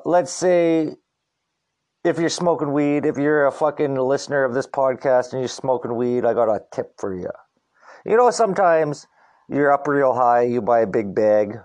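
A middle-aged man rants on his own podcast in a loose, rambling flow, swearing constantly and leaning on slang fillers. His voice sits at an ordinary middle pitch for a man, casual and unscripted. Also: a little mellow. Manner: profane, rambling, slangy, says "dude" and "like" constantly. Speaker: podcast host. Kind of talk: casual solo podcast rant.

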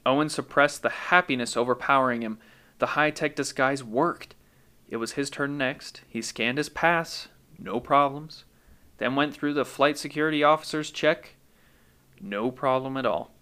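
Guy narrating a daydream story on his podcast, calm and even, mid pitch. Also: moderate pace, smooth.

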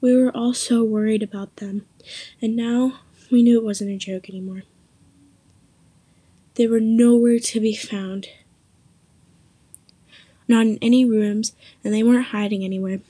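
A young woman tells a spooky tale of friends lost in an old building. Her voice is slightly high yet dark and mellow, with a breathy, husky edge. She drops low and quiet in the narration and rises for the quoted lines. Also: fairly even intonation, unhurried, pauses often. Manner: reads quotes with more pitch and force, narration low and soft. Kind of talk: amateur story reading.

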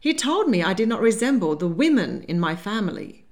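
A spirited young Regency lady, agitated and exasperated, pressing every point with urgency. A woman plays her in an audiobook. Her voice lifts high and swings widely. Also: very animated, fairly quick, darkish tone. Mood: urgent.

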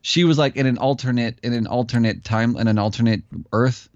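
A man co-hosting a casual talk show, quick with crude jokes and banter. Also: mid-range voice, steady tone, no room sound. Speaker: podcast co-host. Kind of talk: casual chat. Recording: dry, dull lo-fi mic.

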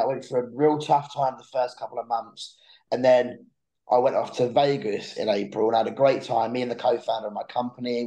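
A man's voice: mid-range voice, rough recording. A young man telling a long story in a casual chat, restarting and repeating words as he goes. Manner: animated storyteller who repeats words when starting sentences. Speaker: podcast guest.

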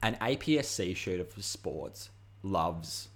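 A young man co-hosting a loose, casual chat. His voice sits on the low side, and he talks in a chatty, swearing, ranting way with plenty of animated asides. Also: takes it slowly, creaky. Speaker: podcast co-host.

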